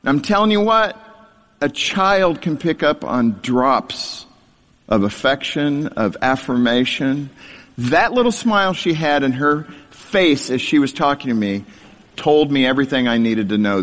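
A man's voice: mid-range voice, animated, a little slow, fairly bright tone. A middle-aged man delivers a storytelling sermon to a live congregation. He jokes at his own expense and laughs through his lines. His voice rings with a long reverb from a large hall. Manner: self-deprecating humor, laughs through lines. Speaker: speaker sharing a testimony.

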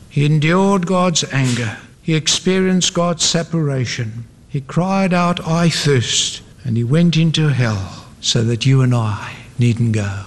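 Male preacher, dramatic sermon delivery, somewhat high voice, long church reverb. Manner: dramatic storytelling, voices rising to cries in quoted pleas. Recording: long hall reverb with faint music.

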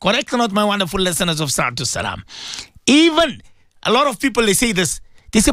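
A man's voice: high voice, big pitch swings, fast talker, sharp tone, no room sound, clean studio sound. A man preaching an Islamic sermon to radio listeners, emphatic and repetitive, often asking them questions. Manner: emphatic, repeats phrases, asks listeners questions.

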